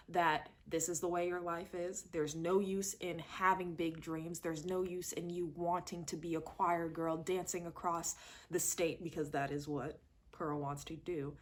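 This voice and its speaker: Chatty woman reviewing a movie, low voice. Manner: chatty, expressive, acts out lines in quotes.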